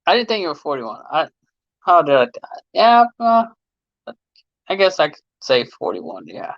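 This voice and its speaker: A man's voice: fairly high pitch, huge pitch swings, measured pace, no echo, lo-fi sound. A man in his late thirties, a mechanic hosting a casual livestream, chatting loosely with viewers in slang and laughing often. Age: late 30s. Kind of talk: casual livestream chat reading viewer comments. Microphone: phone.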